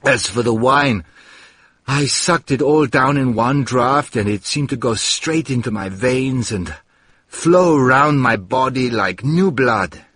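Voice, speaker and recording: A man narrating a story in an expressive reading, with heated outbursts in the dialogue. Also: mid-range voice, takes it slowly, breathy edge, no room sound. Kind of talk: audiobook narration.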